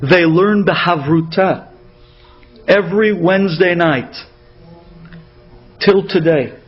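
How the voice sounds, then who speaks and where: A man's voice: sits high, slow pace, muffled recording, soft background music. A man telling an inspirational story dramatically, repeating phrases and weaving in Hebrew terms.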